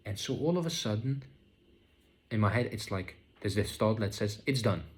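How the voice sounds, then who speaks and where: A man with a low voice gives a casual spoken reflection on his own experiences. He talks in a slow, searching way, with many fillers and restarts. His tone stays calm and unhurried. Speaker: vlogger sharing spiritual experiences.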